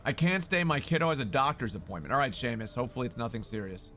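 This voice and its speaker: A man live-streaming who talks loudly and excitably, swearing and greeting viewers in chat. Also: mid-range voice, fast talker, slight background noise.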